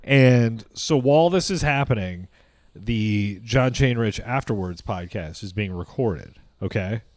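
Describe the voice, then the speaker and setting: A man's voice: lowish voice, lively intonation, unhurried, darkish tone, dry recording. A man co-hosting a podcast, telling a story in a rambling, joking way. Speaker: podcast co-host. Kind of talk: casual chat.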